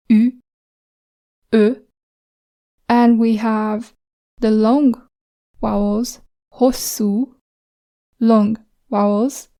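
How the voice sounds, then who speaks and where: A woman runs a slow, deliberate pronunciation lesson, sounding out each letter and word more than once. Her voice is fairly high and mellow, with a gravelly edge, and stays in a narrow, flat range. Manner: slow, careful pronunciation drills with repeated examples. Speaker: language teacher. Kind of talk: language lesson.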